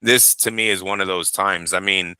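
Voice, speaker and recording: Man, boxing co-host, blunt emphatic talk, very bright tone, dry recording. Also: deep voice, steady tone, moderate pace, clear, resonant tone, no echo, low-quality recording. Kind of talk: casual chat.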